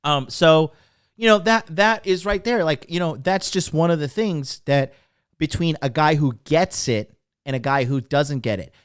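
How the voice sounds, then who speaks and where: A blunt male dating coach riffs live in a crude, profane monologue. His voice sits somewhat high for a man. The sound is dry and close, with no room to it. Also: normal speed, clean tone, no echo. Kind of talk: live-streamed casual monologue.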